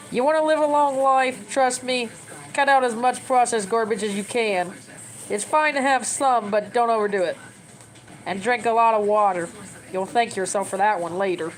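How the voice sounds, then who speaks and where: A woman's voice: on the high side, poor audio. A woman in her thirties chats to her camera in a loose, rambling way. She hands out advice to her viewers, trips over her words and starts over, and sounds close to tears. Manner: chatty, advice-giving, rambling with restarts. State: tearful. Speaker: vlogger. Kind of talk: casual rambling talk to camera.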